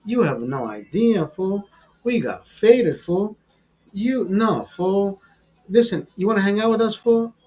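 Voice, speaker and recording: A man's voice: high voice, lively intonation, unhurried, a little mellow, poor audio. A man imitating a swaggering young wannabe tough guy who keeps calling people fool and dog. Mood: taunting.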